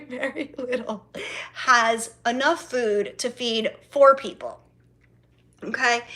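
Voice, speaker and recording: A woman's voice: on the high side, a bit bright. A woman telling a family story to her viewers in a chatty vlog, swearing freely and acting out both sides of conversations with her mother. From South Florida. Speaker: vlogger. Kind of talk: casual storytelling to camera.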